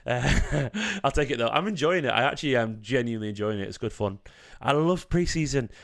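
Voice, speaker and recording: A man with a mid-range voice hosts a live football watchalong in an easy, casual tone. He chats along through the match, breaking into excited reactions at the play and thanking his viewers. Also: mid-range voice, fairly quick, gravelly. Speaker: fan channel host.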